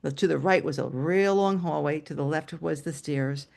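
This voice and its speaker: Older woman telling a lively story. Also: low-pitched, normal speed, vocal fry. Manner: animated, acts out voices, asides to listeners. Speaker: storyteller, former teacher. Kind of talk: spoken storytelling to an audience. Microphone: video call.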